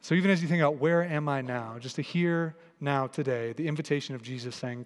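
A man preaching a sermon and leading a prayer in a large church, in an earnest, repetitive cadence that grows softer in prayer. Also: on the high side, brisk, hardly any pauses. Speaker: pastor. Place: large church hall with a congregation. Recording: long reverb of a large church hall.

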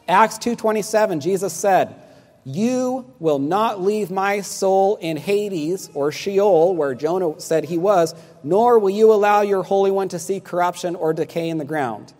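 A man's voice: high-pitched, darkish tone, long reverb tail. A man preaching a sermon to a congregation, emphatic and questioning, asking listeners to answer back. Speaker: pastor.

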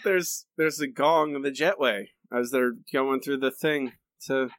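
A man co-hosting a podcast, talking in a rambling, halting way with frequent laughs. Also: mid-range voice, a bit bright, no echo, clean studio sound. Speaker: podcast co-host. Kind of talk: casual chat.

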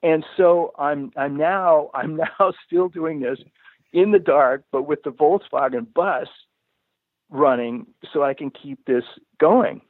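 A man's voice: a little high, slow, dry recording. A man telling a long personal story in a casual, rambling way, often restarting sentences and saying "you know". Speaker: guest telling a life story. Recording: tinny phone-line sound, dry.

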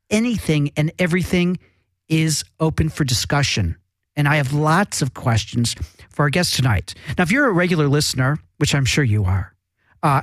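A man's voice: fairly high pitch, dry recording. A man hosting a casual comedy talk show, joking and rambling, often breaking off and restarting his sentences. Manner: joking, rambling, self-interrupting.

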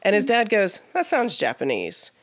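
A woman co-hosting a podcast, telling a story in a casual, animated way, full of "like" fillers and acted-out quoted dialogue. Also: mid-range voice, moderate pace. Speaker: podcast co-host. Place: live podcast taping before an audience.

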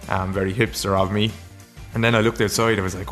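A man's voice: lowish voice, level tone, a little fast, fairly bright tone, soft background music. An Irish man hosting a podcast in casual chat, rambling and self-deprecating, often stumbling over his words. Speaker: podcast host.

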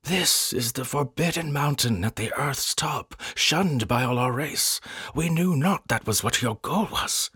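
A man's voice: lowish voice, a little slow, fairly bright tone, slightly rough, no echo, studio quality. A man voicing a solemn, fearful male Arctic guide who speaks in stilted, old-fashioned phrases. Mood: frightened.

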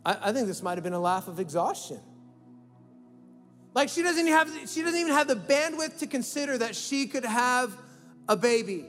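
High-voiced male pastor preaching. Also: expressive, moderate pace, fairly bright tone. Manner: conversational, acts out quoted inner voices, repeats words. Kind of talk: sermon. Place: church hall. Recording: long hall reverb with faint music.

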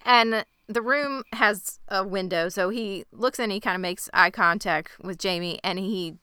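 A woman's voice: medium pitch, measured pace, clear, resonant tone, dry recording. A woman co-hosting a casual chat, walking through scenes step by step as she narrates. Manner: steady storytelling narration of scenes. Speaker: podcast co-host.

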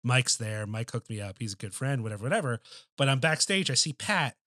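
A man's voice: mid-range voice, lively intonation, a little fast, pushed and bright, no echo, studio quality. A man co-hosting a podcast in casual chat, telling a loose, profane story with lots of filler words. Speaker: podcast co-host.

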